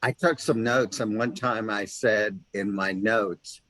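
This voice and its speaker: A man hosting an interview, chatting casually and telling stories with lively restarts and asides. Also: fairly low pitch, takes it slowly, low-quality recording. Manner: animated storyteller, self-interrupting restarts. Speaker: host.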